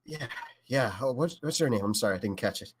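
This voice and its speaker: A man playing a tabletop game, excitable and swearing in casual chat. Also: mid-range voice, fast talker, husky, no echo. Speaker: player.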